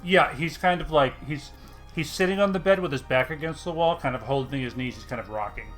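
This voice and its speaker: A man's voice: fairly high pitch, fairly quick, a bit bright, soft background music. A man working as game master, narrating a tabletop game casually and hesitantly, with many fillers and easy laughter.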